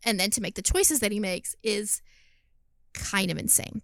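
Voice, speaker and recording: A woman co-hosting a podcast, chatting casually about a film, animated, laughing often and swearing freely. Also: medium pitch, brisk, no room sound. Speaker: podcast co-host. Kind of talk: casual film review chat.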